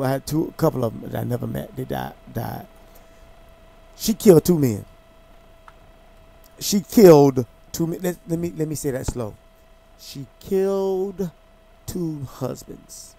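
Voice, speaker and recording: A man's voice: fairly high pitch, creaky, mellow. A man hosting a talk show, telling stories in an emphatic, heated way with lots of restarts. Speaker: talk show host and former boxing champion. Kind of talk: casual talk show chat.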